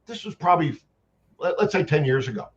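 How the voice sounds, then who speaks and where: A fairly high-voiced man tells animated anecdotes in a loose, rambling way, circling back and restarting his sentences. The sound is dull and lo-fi. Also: a little fast. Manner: animated, long-winded anecdotes with many restarts. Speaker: guest, actor and paranormal investigator. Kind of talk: casual storytelling chat.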